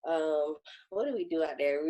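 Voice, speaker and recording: Woman, casual podcast chat, relaxed storytelling, fairly low voice. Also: a little slow, lo-fi sound. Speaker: podcast co-host.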